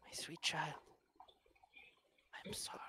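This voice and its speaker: A man voicing a gentle, sorrowful fey woman who speaks softly and tenderly, at times in a whisper. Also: medium pitch, slow, a little hiss or hum. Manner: soft, tender, sometimes whispered.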